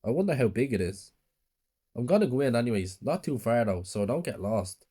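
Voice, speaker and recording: A man's voice: medium pitch, big pitch swings, brisk, warm tone, husky. A man voicing a frightened, lonely young boy in a spoken horror story, in a pleading, tearful way. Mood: eager.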